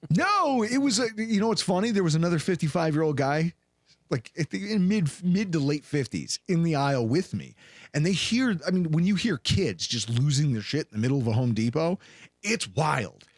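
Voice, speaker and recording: A man in his thirties hosting a sports podcast, telling a story with lively acted-out voices. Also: on the high side, moderate pace, dry recording, clean studio sound. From Buffalo, New York area. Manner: animated, acts out voices in anecdotes. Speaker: podcast host.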